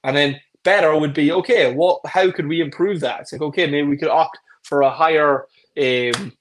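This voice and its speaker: A man's voice: on the high side, normal speed. A man co-hosting a casual podcast as a fitness coach, talking bluntly and jokingly about diet. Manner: blunt, jokey, puts on voices for quoted people. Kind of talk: casual chat.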